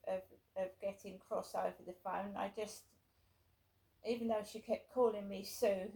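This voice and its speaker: A woman's voice: mid-range voice, darkish tone, low-quality recording. A woman vlogger from England talking casually to the camera in a rambling way, with many fillers and restarts.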